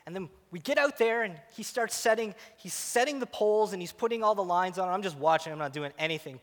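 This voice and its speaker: A man giving a sermon, telling an animated, self-mocking story about himself. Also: high voice, a little fast, few pauses. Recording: long hall reverb.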